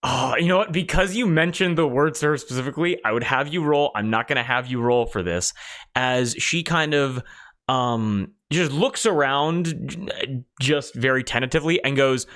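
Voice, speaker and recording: Brief: male game master, mid-pitched, loose rambling narration. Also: moderate pace, a bit bright. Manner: rambling, many fillers and restarts.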